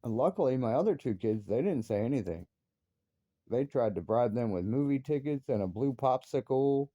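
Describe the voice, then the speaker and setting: A man's voice: medium pitch, lively intonation, normal speed, dark tone, dry recording, lo-fi sound. A man, a father, angrily ranting about his family with heavy swearing, his voice jumping up into outbursts. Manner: angry, profane, voice rising sharply into outbursts. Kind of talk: heated personal rant.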